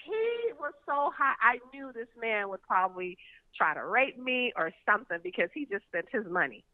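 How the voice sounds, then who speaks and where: A woman guest telling candid stories with a blunt, lively manner, often laughing, heard over a phone call. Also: on the high side, moderate pace. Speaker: interview guest. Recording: tinny phone line.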